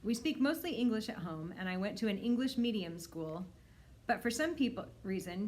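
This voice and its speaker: A woman librarian reading a children's novel aloud in a clear, steady storytelling manner. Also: mid-range voice.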